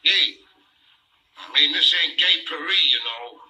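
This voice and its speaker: An actor playing a blustery, bossy middle-aged working-class husband who grumbles and shouts. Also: male voice, fairly high pitch, measured pace, slight background noise. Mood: blustering. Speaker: sitcom character. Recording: roomy, distant old TV audio.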